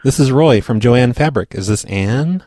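A man making a prank phone call, pushy, rude and deadpan. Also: medium pitch, normal speed, no room sound, clean studio sound. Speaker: prank caller.

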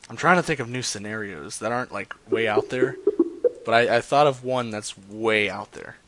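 A man's voice: fairly low pitch, normal speed, a bit bright. Chatty man doing prank calls. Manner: chatty, loose, jokes with chat, lots of fillers. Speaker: prank caller streaming live. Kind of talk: casual live-stream chat.

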